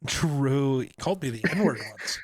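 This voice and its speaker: A man's voice: mid-range voice, animated, a little slow, no room sound. A young man co-hosting a casual podcast chat about a movie, joking and teasing and often breaking into laughter. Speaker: podcast co-host.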